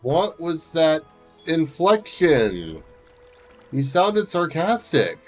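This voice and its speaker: A man's voice: a little high, big pitch swings, extremely slow, faint music behind. A man streaming a game, joking and teasing the game's characters as he plays. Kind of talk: casual gaming commentary.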